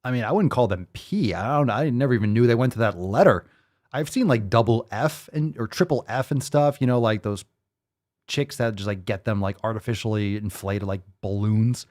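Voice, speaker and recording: An American man hosting a casual commentary show, reading news stories and riffing on them with profane, animated remarks. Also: on the low side, moderate pace. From United States. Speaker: host.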